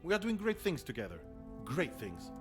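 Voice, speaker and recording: A self-important union boss with an odd accent. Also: male voice, a little high, huge pitch swings, moderate pace. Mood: grandiose. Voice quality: odd foreign-sounding accent. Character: grandiose male union leader. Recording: game music behind.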